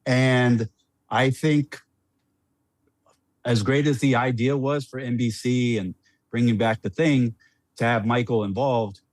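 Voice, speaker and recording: A middle-aged man, a former player as podcast guest, telling a story in a rambling, animated way with many restarts. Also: medium pitch, slow pace, long pauses, dry recording.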